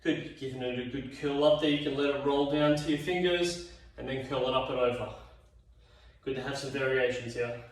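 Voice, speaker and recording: A man's voice: mid-range voice, steady tone, fairly quick. A man leading a home exercise class, tired and yawning, chatty and encouraging as he counts reps. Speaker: fitness instructor. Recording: very echoey room, mic at a distance.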